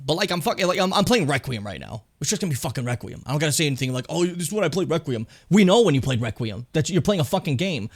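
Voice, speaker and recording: A man's voice: on the high side, fairly bright tone. A young man streaming a video game, rambling casually and swearing often. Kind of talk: let's play commentary.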